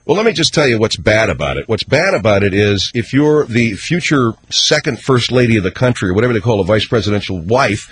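A man hosting a call-in radio talk show, chatting in a sardonic, animated way. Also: fairly low pitch, fairly quick, few pauses, background noise.

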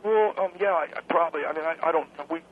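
Over a tinny phone line, a young adult man calls in to a radio show, cheeky and rambling as he stumbles over his words. His voice is a little high, quick, and slightly rough.

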